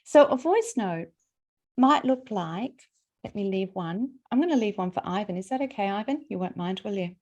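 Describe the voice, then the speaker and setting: A woman runs a LinkedIn webinar over a video call, teaching in a casual, chatty workshop style and checking in with attendees by name. Her mid-range voice is animated and darkish, moving at a normal pace.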